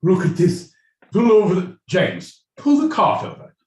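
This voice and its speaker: A pompous high-pitched aristocrat. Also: male voice, big pitch swings, a little mellow, reverberant. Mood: haughty, gleeful. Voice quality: pompous, drawn-out mock-aristocratic delivery. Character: snooty upper-class male carriage rider, haughty and scornful.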